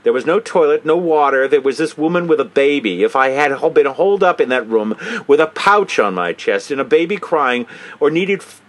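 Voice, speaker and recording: A man's voice: a little high, fairly bright tone. A man hosting a comedic commentary, mocking and swearing casually while reading a statement aloud. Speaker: host.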